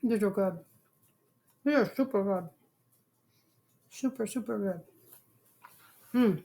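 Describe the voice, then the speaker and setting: A woman's voice: mid-range voice, slow, creaky, mellow. A schoolteacher hosting a home cooking video, chatting playfully and teasing her daughter while tasting the food. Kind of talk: casual chat. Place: home kitchen.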